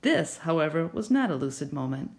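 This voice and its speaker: A woman narrating a children's novel in an expressive storytelling manner. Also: sits low, a little fast. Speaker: audiobook narrator.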